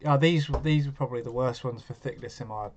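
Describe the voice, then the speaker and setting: A man's voice: mid-range voice, fairly quick, a little mellow, lo-fi sound, a little hiss or hum. A man hosting a live stream, chatting casually and answering viewers' comments as he goes.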